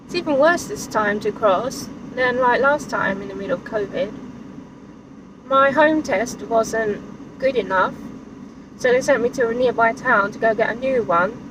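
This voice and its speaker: An English woman vlogs from her car or van, chatting casually, saying "like" a lot and laughing often. Her voice is a little high, with a measured pace and long pauses. The mic is distant and picks up background noise.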